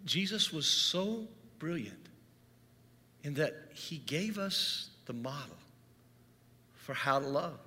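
Bright-voiced preacher in a reverberant hall. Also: male voice, fairly high pitch, animated, slow pace, long pauses, husky. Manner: earnest storytelling preacher, rises in intensity. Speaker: pastor. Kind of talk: sermon.

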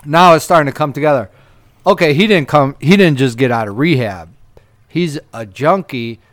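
A man casually telling a rambling, profane story on a podcast, getting louder and laughing as it goes. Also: on the high side, normal speed, no room sound.

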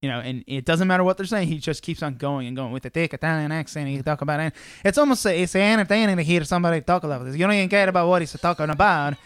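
A young man hosting a podcast, telling stories in a casual, animated way with lots of restarts and fillers. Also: a little high, fast, hardly any pauses, clean tone, no room sound, studio quality. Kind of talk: casual conversation.

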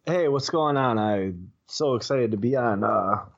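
A man's voice: medium pitch, animated, measured pace, creaky, dull audio. A young man, chatting casually as a podcast guest and telling a rambling story full of fillers. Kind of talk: casual chat.

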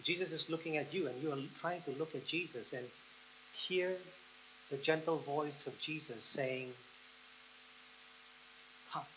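In this sermon, a pastor paints a mental picture for listeners, letting quiet, unhurried pauses swell into fervent stretches. His voice is slightly high, with faint background noise in a low-quality recording.

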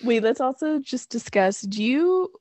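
A young woman co-hosting a casual podcast chat, upbeat and encouraging, quick to laugh. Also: a little high, lively intonation, warm tone, no room sound. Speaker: podcast co-host.

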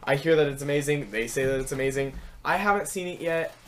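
Young guy hosting a podcast, kinda high voice, animated, keeps talking over people. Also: fast, slight background noise. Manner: animated, talks over others. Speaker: podcast host. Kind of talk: casual chat.

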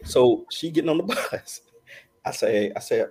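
A man's voice: mid-range voice, animated, normal speed, darkish tone, breathy edge. A middle-aged man, a podcast guest, telling a long personal story in casual chat, laughing often and acting out what people said.

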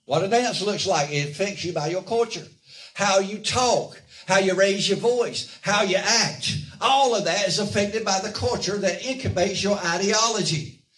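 A man's voice: high-pitched, normal speed, a bit bright. A male preacher delivering a sermon and calling out for amens from the congregation, recorded from a distance in a church. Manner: call-and-response preaching, asks the congregation for amens. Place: church sanctuary. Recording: echoey church, voice from far off.

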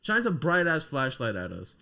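A young man co-hosting a casual podcast, telling stories in an animated way, swearing and breaking into loud laughter. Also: fairly high pitch, moderate pace, creaky. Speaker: podcast co-host.

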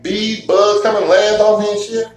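A man's voice: high voice, normal speed. Profane man telling stories, echoey. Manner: profane, animated storyteller who gets loud telling stories. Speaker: show host. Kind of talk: casual storytelling chat. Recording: echoey room from far off, faint hum.

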